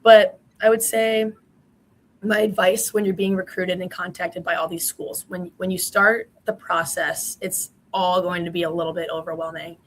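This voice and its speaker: Chatty young woman, lowish voice. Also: steady tone, normal speed, a little hiss or hum, rough recording. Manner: chatty, many "you know" fillers. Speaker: guest, former college swimmer. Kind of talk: casual interview answers.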